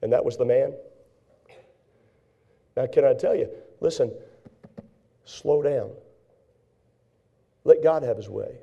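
A man preaching a folksy, animated sermon as pastor, now and then acting out frantic voices. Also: medium pitch, slow pace, creaky, long pauses, dull audio.

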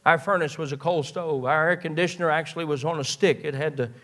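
A man's voice: on the high side, steady tone, quick pace, fairly bright tone. A man, preaching a sermon in a folksy storytelling way, often restarting his words. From eastern Kentucky. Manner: folksy storytelling with repeated stammered starts.

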